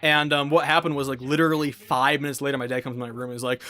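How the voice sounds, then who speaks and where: A man's voice: mid-range voice, little pitch movement, very fast, bright, forceful tone, faint music behind. A young man chatting casually while gaming, rambling and swearing, with many restarts. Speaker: gaming vlogger.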